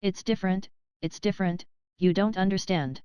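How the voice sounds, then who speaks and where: A woman's voice: medium pitch, moderate pace, darkish tone, smooth, no room sound, highs cut off, lightly acted. A woman reading the part of a curt, dictatorial young male English official in an audiobook.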